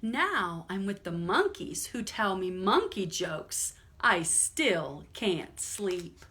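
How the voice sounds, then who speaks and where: A woman's voice: medium pitch, sing-song, slow pace, a bit bright. A woman reading the lines of a small boy who cannot sleep, in a plain storybook voice. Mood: wistful.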